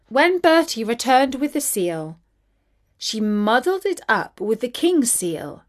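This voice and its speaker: A woman narrating a children's story in a gentle, expressive way. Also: a little high, slow.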